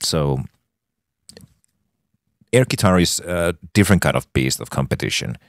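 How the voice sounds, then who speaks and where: Very deep-voiced man hosting radio. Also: lively intonation, no room sound, studio quality. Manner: halting, self-correcting, laughs often. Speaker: radio host. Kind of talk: casual radio interview.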